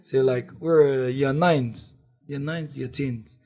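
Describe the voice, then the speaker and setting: A young man with a New Zealand accent chats casually as a guest, laid-back and laughing, full of slang and fillers. His mid-range voice is warm and steady, and he speaks at a slow pace.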